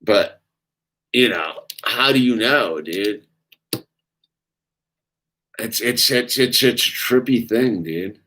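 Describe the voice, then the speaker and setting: A man's voice: mid-range voice, lively intonation, slow pace, pauses often, pushed and bright. A middle-aged man, chatting casually and rambling while building Legos, saying "dude" a lot. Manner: laid-back, rambling, says "dude" a lot. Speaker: vlogger.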